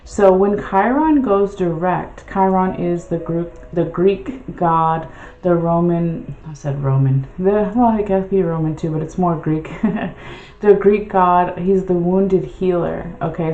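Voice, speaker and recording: A woman's voice: fairly low pitch, dark tone, reverberant, highs cut off, a little hiss or hum. A woman giving a casual tarot reading, rambling and correcting herself, often checking in with "okay?". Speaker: tarot reader.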